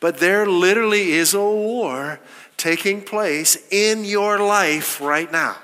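A man's voice: high-pitched, slow pace, pushed and bright, big-room sound. A man preaching a sermon, quoting scripture and asking his listeners rhetorical questions with emphasis.

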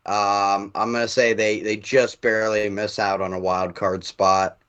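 A man co-hosting a casual sports podcast, talking haltingly and restarting his sentences. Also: on the low side, flat delivery, fairly bright tone, clean tone. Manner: halting, many fillers and restarts. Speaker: podcast co-host.

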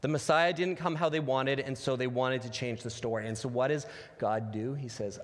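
A man preaching a conversational Easter sermon, retelling stories and dropping soft and low when he quotes God. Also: steady tone, moderate pace. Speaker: pastor. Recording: long hall reverb.

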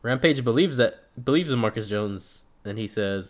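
A man's voice: mid-range voice, animated, moderate pace, hardly any pauses. Laid-back swearing man recapping fights. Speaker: podcast co-host. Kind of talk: casual recap chat.

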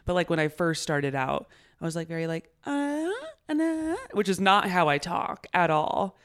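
A woman stand-up comedian chatting casually, animated and laughing, slipping into quick impressions. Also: low-pitched, smooth. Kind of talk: casual podcast chat.

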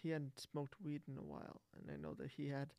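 Brief: young man, casual rambling chat, slightly high voice, mellow tone, dry close sound. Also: sing-song, brisk, vocal fry, no echo. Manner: offhand, rambling, repeats words. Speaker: podcast guest.

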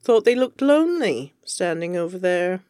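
A reader voicing a cool, sharp-tongued young woman, arch and mock-offended, in a fan fiction audio reading. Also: medium pitch, big pitch swings, normal speed, clean tone, no echo, clean studio sound, natural voice. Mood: arch teasing.

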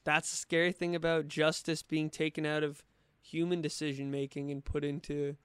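A podcast guest with a smooth, fairly high voice, chatting loosely and filling his talk with asides. The sound is dry and close. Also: level tone, normal speed, fairly bright tone, dry recording. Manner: loose, chatty, uses many fillers. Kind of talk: casual conversation.

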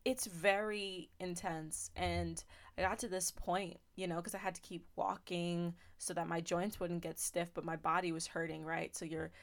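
A young woman with a slightly low voice tells her own faith testimony on a podcast. She speaks earnestly and with feeling. Her telling is loose and heartfelt, full of little fillers. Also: flat delivery, normal speed. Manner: earnest, emotional storytelling with many fillers. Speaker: podcast host.

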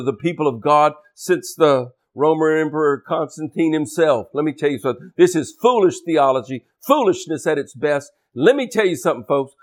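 A fervent preacher, a man whose voice sits a little high. He preaches with rising fire, dropping low and then breaking into shouts. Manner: fervent, swings between soft and shouted. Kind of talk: sermon.

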